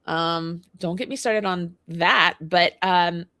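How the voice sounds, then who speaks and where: A woman's voice: fairly low pitch, fairly even intonation, slow, bright, forceful tone, no room sound. A woman co-hosting a casual livestream chat, animatedly telling a story and acting out both sides of it. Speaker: co-host. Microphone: livestream mic.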